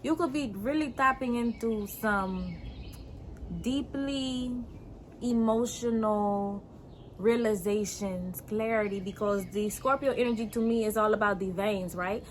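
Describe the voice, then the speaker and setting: A woman's voice: medium pitch, a little slow, slight background noise, lightly acted. A woman channeling a solemn mystic in an accent. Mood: solemn mystical.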